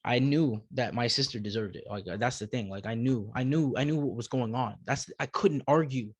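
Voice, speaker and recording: A man, a podcast guest, telling a personal story in a halting way, often repeating words as he searches for them. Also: medium pitch, breathy edge, no room sound.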